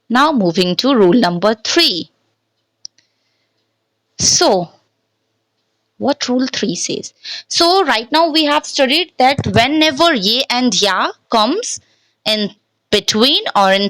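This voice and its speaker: Slow, patient woman. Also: a little high, fairly bright tone, dry recording, low-quality recording. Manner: patient, repeats words slowly, asks "okay?"; switches between English and Hindi. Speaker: language teacher. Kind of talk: slide-based language lesson.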